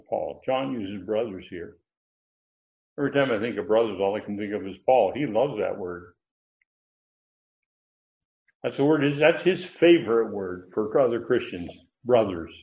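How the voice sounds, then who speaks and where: A man preaching an expository sermon, teacherly, lifting his voice to stress key words. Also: lowish voice. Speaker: pastor. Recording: tinny phone-like audio.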